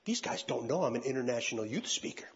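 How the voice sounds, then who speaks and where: A pastor, an older man, gives a sermon in which he animatedly relates a personal story and mimics the voices of the people in it. He talks fast in a medium-pitched, breathy voice, and the audio is dull.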